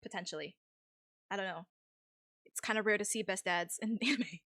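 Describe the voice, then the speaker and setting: A young woman streamer with an American accent that has a faint Vietnamese tinge, chatting casually with viewers, easygoing and quick to laugh. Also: medium pitch, bright, forceful tone, no room sound, studio quality. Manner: easygoing, chatty, laughs often, many ums. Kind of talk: casual chat reading viewer messages.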